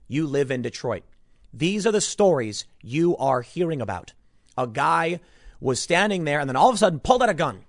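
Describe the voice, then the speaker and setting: Emphatic man from Chicago, lively pitch. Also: normal speed, dry recording, clean studio sound. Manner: emphatic, rambling, repeats words. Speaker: commentator. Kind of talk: opinionated news commentary monologue.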